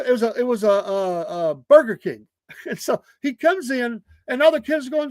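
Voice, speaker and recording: A middle-aged podcast host with a Southern US accent tells stories on a casual talk show, laughing and acting out quoted voices with animation. His voice is extremely high, his pace moderate, and there's no room sound.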